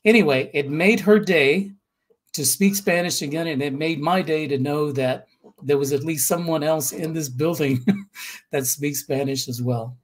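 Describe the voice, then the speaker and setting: American male guest, a bit husky, mid-high voice, animated storyteller. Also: a little slow. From United States. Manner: animated, tells stories with restarts. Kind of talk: casual storytelling.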